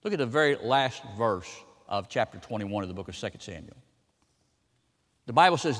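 A male pastor preaching a sermon, swinging between loud, emphatic lines and quiet ones. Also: medium pitch, very animated, moderate pace, long reverb tail. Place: church sanctuary.

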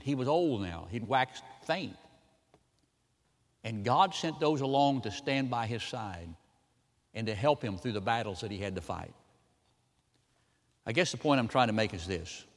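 Man preaching a sermon in an echoing hall. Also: medium pitch. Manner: emphatic preaching, swinging between loud and soft. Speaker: pastor. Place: church sanctuary.

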